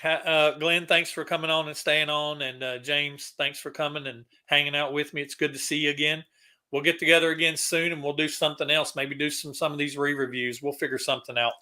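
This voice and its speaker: A man's voice: fairly high pitch, steady tone, brisk, pushed and bright. A middle-aged man hosting a casual online chat, rambling and often restarting his sentences. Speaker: podcast host.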